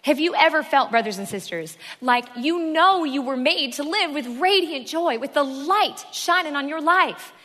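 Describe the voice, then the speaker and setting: A woman preaches from the front of a church, emphatic and repeating her key phrases. Her voice sits a little high and rings bright and clear. A long reverb trails behind her in the large hall. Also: lively intonation, normal speed, hardly any pauses. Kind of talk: sermon.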